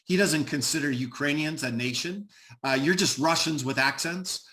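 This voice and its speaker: A man's voice: fairly high pitch, normal speed, sharp tone. A middle-aged American man speaking emphatically on an online panel, with frequent "uh" fillers and repeated words. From United States.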